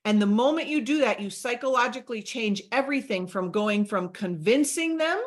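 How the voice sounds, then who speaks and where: An energetic middle-aged woman runs a live training session, coaching her group with lots of drive. Her voice sits fairly high, and she keeps slipping into lively acted-out sample conversations. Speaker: sales trainer.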